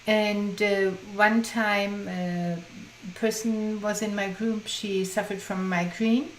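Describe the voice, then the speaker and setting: A woman's voice: medium pitch, fairly even intonation, slow pace. Earnest woman in a roomy echo. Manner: earnest, many restarts, acts out quoted speech. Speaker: guest, teacher of imagination groups. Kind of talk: interview, telling a story. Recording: roomy echo, faint background noise.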